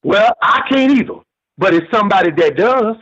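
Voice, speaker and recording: Folksy older southern caller, husky. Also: male voice, sits high, lively intonation, moderate pace, a bit bright. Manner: folksy, repeats "man" and "let me tell you", sermon-like. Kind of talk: phone-in preaching-style rant. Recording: muffled phone call.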